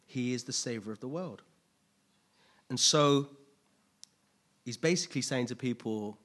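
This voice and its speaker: A man preaching a sermon, asking rhetorical questions, making playful asides and building to loud, emphatic peaks. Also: mid-range voice, lively intonation, unhurried, pauses often. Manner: casual asides with playful humor.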